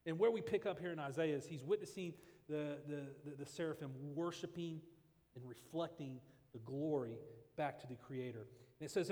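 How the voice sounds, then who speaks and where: A man preaching a sermon as pastor, earnest and halting, often restarting his phrases. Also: fairly high pitch, mellow, big-room sound.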